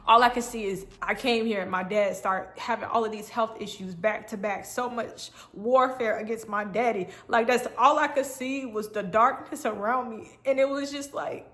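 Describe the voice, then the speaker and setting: A woman's voice: fairly high pitch, fairly even intonation, normal speed, hardly any pauses, a bit bright. Earnest woman sharing a faith testimony. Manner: earnest, repetitive, breaks into tears and laughs. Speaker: faith vlogger. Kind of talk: emotional personal testimony.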